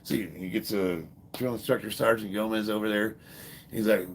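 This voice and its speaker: This middle-aged strength athlete and fitness streamer talks fast in a lowish voice that's creaky with a breathy edge. He chats casually with livestream viewers, telling animated stories full of jokes and profanity.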